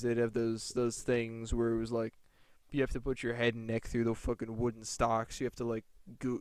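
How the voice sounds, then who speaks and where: Guy rambling thru a storytime, swears a lot, dark smooth voice, dry close sound. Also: mid-range voice, no room sound. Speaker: vlogger. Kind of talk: casual storytime monologue.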